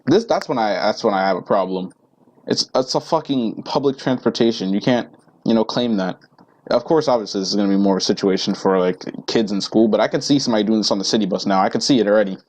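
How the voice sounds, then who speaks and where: A man's voice: fairly low pitch, fast, a little mellow, poor audio. A teenage boy ranting casually to camera, rambling and profane with lots of fillers. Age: teens. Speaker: vlogger.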